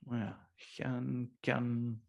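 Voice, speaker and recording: A man learning a language in an online lesson, making slow, tentative attempts at words. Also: mid-range voice, completely flat delivery, creaky.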